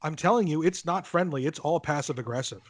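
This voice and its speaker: An animated man in a casual chat, with a voice a little higher than most men's. He swears often and acts out the other people in his stories. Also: fast. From northern United States. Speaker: podcast guest.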